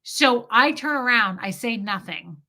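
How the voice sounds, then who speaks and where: A woman's voice: on the high side, lively intonation, measured pace, pushed and bright. A tired woman in her forties telling a story on a live stream, rambling and swearing and reading viewer comments aloud. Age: 40s.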